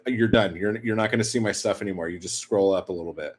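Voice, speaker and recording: A young man talks to his viewers in a loose, rambling way, swearing often and filling his sentences with "like". His voice sits fairly low and has a husky edge. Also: steady tone, brisk, hardly any pauses, darkish tone. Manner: rambling, profane, lots of "like". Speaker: streamer. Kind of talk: casual chat with viewers.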